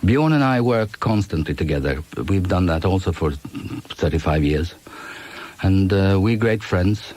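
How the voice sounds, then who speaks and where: A man from Sweden with a fairly low voice talks easily in an interview. His manner is relaxed and teasing, and he trips over his words and restarts often. He sounds like a man in his fifties. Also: unhurried. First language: Swedish. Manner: relaxed, joking, many restarts. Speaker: musician guest. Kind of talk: casual interview chat.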